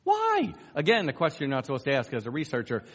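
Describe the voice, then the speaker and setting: A man's voice: mid-range voice, rapid-fire, husky. A man giving a conference talk, telling a story with lots of fillers and acting out the dialogue. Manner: animated storyteller, acts out dialogue, many fillers. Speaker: conference speaker. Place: conference hall. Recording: long reverb of a hall.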